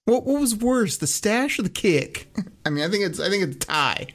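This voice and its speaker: A man's voice: high voice, sing-song, moderate pace, a bit bright, slight background noise. A man co-hosting a casual football talk show, ranting with sarcasm and frequent laughter. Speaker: sports podcast co-host. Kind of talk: casual sports talk rant.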